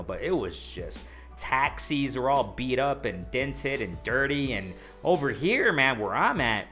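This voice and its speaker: A man of ordinary middle pitch hosts a loose, chatty boxing live stream. He rambles, stumbles over restarts and repeats words, peppering his talk with "man" and "bro". Faint music plays softly behind him. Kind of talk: casual live-stream chat, reading viewer comments.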